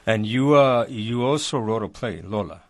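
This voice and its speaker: A man hosting an interview, asking questions with many pauses and repeated words. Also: lowish voice, lively intonation, dry recording. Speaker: host.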